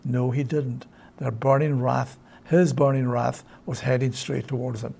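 A man preaching a sermon, emphatic and full of rhetorical questions, often checking in with his listeners with a quick "yeah?". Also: medium pitch, level tone, creaky, warm tone.

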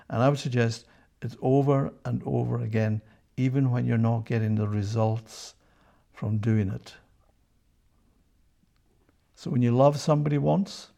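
A man's voice: medium pitch, creaky, warm tone, dull audio. A man teaching a Bible passage in sermon style, emphatic and repeating key phrases, often checking in with his listeners. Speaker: preacher.

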